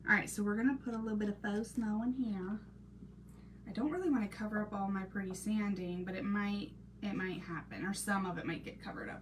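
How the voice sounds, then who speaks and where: A woman in her thirties hosting a casual crafting live stream, chatting and greeting viewers by name, sometimes dropping to a soft half-whisper while she works. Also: mid-range voice, fairly even intonation, fairly quick. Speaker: crafting channel host. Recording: distant mic with noisy background.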